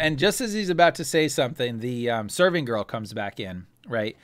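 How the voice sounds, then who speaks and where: A man running a tabletop game, narrating casually with filler words. His voice is mid-pitched and recorded close and dry. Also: animated, moderate pace, a bit bright, dry recording. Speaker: game master.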